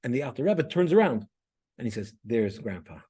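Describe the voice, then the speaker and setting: A man's voice: medium pitch, big pitch swings, fast talker, mellow, slightly rough. A man teaching a class, lecturing conversationally, telling stories and often checking in with the students. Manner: conversational, many restarts and "right?" checks. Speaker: class instructor.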